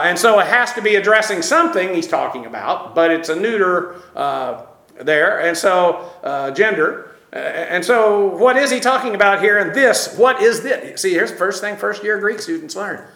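A man's voice: high-pitched, normal speed, pushed and bright, reverberant, low-quality recording. A man preaching an expository sermon, teacherly and emphatic, with frequent filler sounds. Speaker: pastor.

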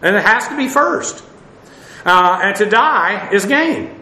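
A man's voice: high voice, expressive, takes it slowly, pushed and bright, roomy sound. A man preaching a casual sermon, chatty, with wry asides and many fillers.

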